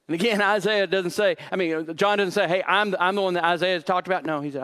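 Man preaching a sermon, fairly high voice. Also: steady tone, fast talker, few pauses, a bit bright. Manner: dramatic, acts out quoted lines, repeats words. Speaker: pastor.

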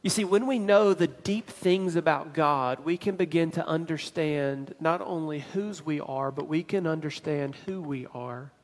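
A man preaching a sermon as pastor, emphatic and building to louder climaxes. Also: fairly high pitch, unhurried, few pauses, big-room sound.

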